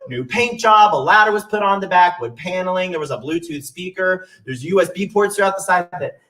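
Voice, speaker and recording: A man's voice: high-pitched, lively intonation, brisk, sharp tone, distant mic. A young man telling a funny personal story on stage in a chatty, self-mocking way. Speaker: solo stage performer. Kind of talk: storytelling monologue with songs.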